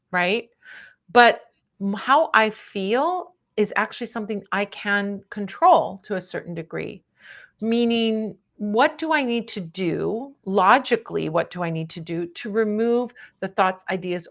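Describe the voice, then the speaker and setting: A middle-aged woman giving a casual tarot reading on a livestream, chatty and animated, often adding "right?" and laughing. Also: mid-range voice, vocal fry. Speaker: tarot reader.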